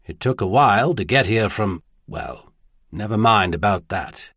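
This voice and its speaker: A man reading the part of a mild, measured older male archbishop in an audiobook. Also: on the low side, expressive, fairly bright tone, husky, dry recording, clean studio sound, exaggerated voice. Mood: grave. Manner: mild, measured, then grave.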